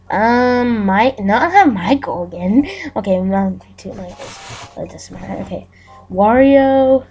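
A gameplay video host with a mid-range, darkish voice narrates aloud as she plays. Her commentary is casual and chatty, and she giggles often.

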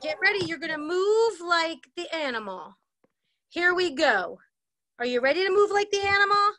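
A woman's voice: extremely high pitch, big pitch swings, pushed and bright, dry recording. Sing-song woman teaching kids to dance. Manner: cheerful, slow and sing-song with small children. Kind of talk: online kids' dance class. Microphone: video call.

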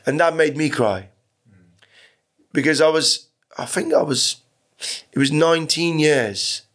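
A man's voice: fairly high pitch, a little slow, a bit bright. A middle-aged man from Iran, a podcast guest telling his story candidly, with rambling talk and frequent swearing. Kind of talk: casual storytelling interview.

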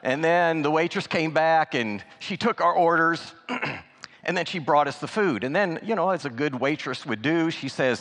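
A man giving a sermon as a guest speaker, telling a story and acting out the dialogue in an animated way. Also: on the high side, normal speed. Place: church sanctuary. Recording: long church hall reverb.

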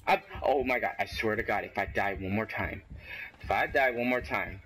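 A man giving casual gameplay commentary, excitable and trash-talking, yelling at enemies and cheering himself on. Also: lowish voice, moderate pace, slight background noise. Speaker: gaming commentator.

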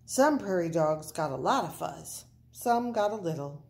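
A woman reading a children's picture book aloud, slow and playful with the words. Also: fairly low pitch, gravelly. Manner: slow, expressive, playful wordplay. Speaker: storyteller.

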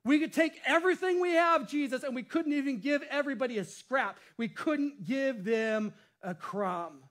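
A man's voice: very high voice, moderate pace, fairly bright tone, voice pushed up. Man doing a doubtful disciple, worried and reasoning.

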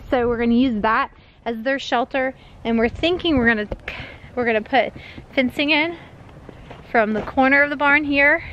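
Southern woman, fairly high voice, winded, chatty farm vlog, faint outdoor noise. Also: rough recording. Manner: chatty, calling out loudly for animals. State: out of breath. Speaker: farm vlogger. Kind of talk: casual vlog walking the farm.

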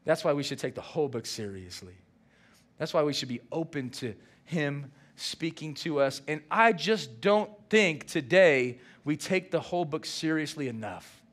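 A man, the senior pastor, preaching a sermon and acting out lively dialogue. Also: a little high, normal speed. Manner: animated preaching with acted-out dialogue.

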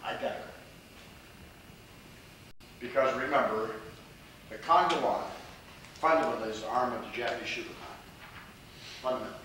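A man teaching martial arts as a rambling lecture, repeating himself and filling pauses with fillers. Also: mid-range voice, pushed and bright. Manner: digressive, repeats words, many fillers. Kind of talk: rambling lecture with audience questions. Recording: distant, very echoey, noisy hall.

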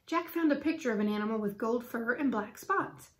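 A woman reading a children's chapter book aloud for students, with clear and expressive storytelling. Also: on the high side, a little fast.

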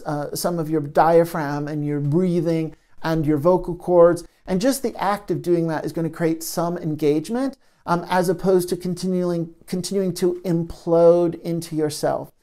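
A man, a trauma therapist, gently giving a self-help talk to camera into a microphone, soft-spoken with many pauses. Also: a little high, fairly even intonation. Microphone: studio microphone.

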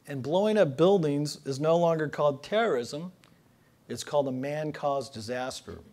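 In a lecture hall before an audience, a political cartoonist speaks at a moderate pace in a slightly high, darkish voice. His lecture is a string of dryly told jokes, each one carefully built to its punchline.

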